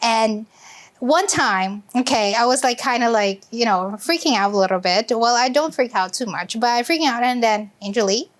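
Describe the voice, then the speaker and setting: Female co-host, casual chat, animated, slightly high voice. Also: moderate pace. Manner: animated, laughs often, acts out quotes. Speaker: podcast co-host.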